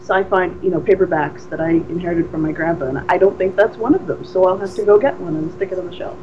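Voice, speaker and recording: A woman's voice: on the low side, quick pace, background noise. A woman co-hosting a podcast in casual chat, telling stories with lots of energy and frequent restarts. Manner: animated storyteller, many restarts. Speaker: podcast co-host. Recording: dull lo-fi recording.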